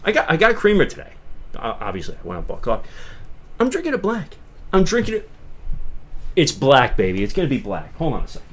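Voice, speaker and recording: Animated Long Island man. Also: mid-range voice, fast. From Long Island, New York. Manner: animated, rambling, swings from mutters to loud bursts. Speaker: livestream host. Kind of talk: casual livestream chat.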